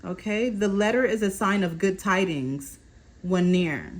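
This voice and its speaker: In a medium-pitched, expressive voice, a tarot reader takes her time through a collective fortune card reading. She reads the meanings aloud, stumbles over some words, and repeatedly checks in with viewers by saying "okay?"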